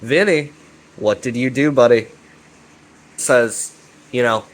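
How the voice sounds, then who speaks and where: Excitable, cussing man rambling through a recap. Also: mid-range voice, takes it slowly, pauses often. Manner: excitable, profane, repeats himself and keeps asking "right?". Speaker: YouTube commentator.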